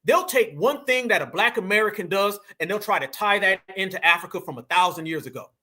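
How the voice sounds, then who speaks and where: A man's voice: sits high, fairly quick. A man hosting a fiery commentary monologue, emphatic and preachy, calling his viewers fam. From New York. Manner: emphatic, preachy, animated, addresses audience as fam. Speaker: political commentary host.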